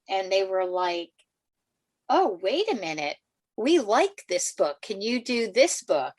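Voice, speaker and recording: An older woman, a children's author, telling stories in an interview, animated and laughing, acting out quotes in a higher voice. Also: no echo. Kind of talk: storytelling in a podcast interview.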